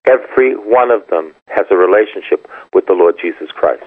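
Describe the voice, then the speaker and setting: An older man, a parish priest, preaching a sermon in an emphatic, repetitive way, his voice gravelly and husky. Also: fairly low pitch, fairly quick, hardly any pauses, no echo. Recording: tinny phone-like radio broadcast.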